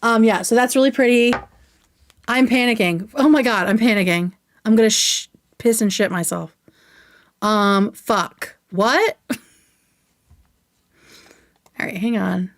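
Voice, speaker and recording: A young woman hosting a livestream, chatting casually and excitedly while reviewing makeup, swearing now and then. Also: on the high side, a little slow, long pauses, no echo. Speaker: livestream host.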